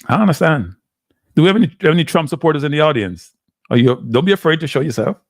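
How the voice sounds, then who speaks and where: A man's voice: on the high side, expressive, racing, no echo. A man with a Jamaican accent hosting a live stream, talking casually to his chat in a rambling, exasperated way and slipping into patois. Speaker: live show host.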